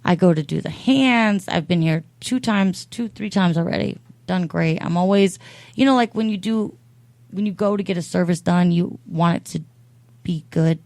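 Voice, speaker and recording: A woman's voice: lowish voice, moderate pace, creaky, no echo. Woman ranting thru a funny story, lots of swearing, acts out every voice, dry close sound. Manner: animated, profane, acts out voices in her stories. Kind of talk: comedic storytelling.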